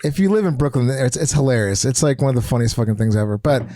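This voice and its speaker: A man's voice: medium pitch, fast talker, dark tone, dry recording, clean studio sound. A man co-hosting a podcast, telling a crude story in casual chat and laughing often. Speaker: podcast co-host. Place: New York.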